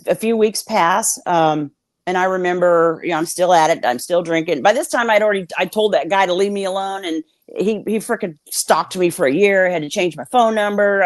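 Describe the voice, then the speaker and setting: A woman's voice: fairly low pitch, no echo. Blunt, swearing woman with a dry, close sound. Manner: blunt, swears freely, acts out quoted dialogue. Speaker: guest. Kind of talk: candid storytelling in a conversation.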